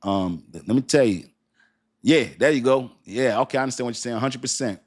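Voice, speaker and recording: Man, husky voice, livestream host, casual chat, frequent laughs, answers viewers. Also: mid-range voice, a little fast. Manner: chatty, laughs often, reads and answers chat.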